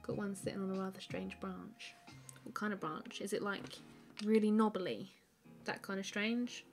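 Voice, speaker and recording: A woman's voice: mid-range voice, fairly even intonation, moderate pace, vocal fry, soft background music. A woman chatting casually on a live stream while she draws, laughing often, rambling with plenty of fillers, and reading viewer comments aloud to answer them. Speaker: artist live-streaming a drawing.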